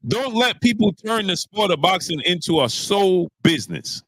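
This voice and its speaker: Animated male sports stream host. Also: high-pitched, normal speed, dry recording. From New York. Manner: animated, preachy, repeats lines for emphasis, greets chat viewers. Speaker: sports talk show host. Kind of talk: casual live-stream commentary.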